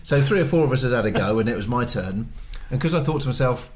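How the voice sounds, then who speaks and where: An older man in a mid-pitched voice tells a long story at an easy pace, filling it with ums, uhs and restarts. He keeps to a relaxed family podcast chat. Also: fast. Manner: rambling anecdotes full of ums and restarts. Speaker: podcast co-host, father.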